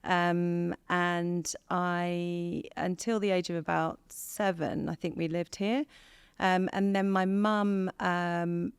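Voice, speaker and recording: An English woman from the north of England, a podcast guest speaking candidly and thoughtfully, pausing often with ums. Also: lowish voice, gravelly, clear, resonant tone, dry recording. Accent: northern English over a southern English base. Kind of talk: reflective interview conversation.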